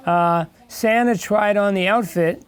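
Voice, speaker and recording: A man's voice: high-pitched, unhurried, a little hiss or hum. Older man reading a storybook to kids. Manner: chatty, stops to ask and explain. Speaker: guest reader in a classroom. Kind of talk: reading a picture book aloud to children. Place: elementary school classroom.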